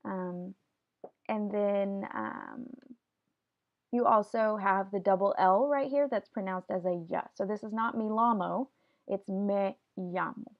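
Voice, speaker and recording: Woman teacher, patient step-by-step explanations, slightly gravelly voice, muffled lo-fi recording. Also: medium pitch, unhurried. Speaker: Spanish teacher. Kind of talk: classroom video lesson.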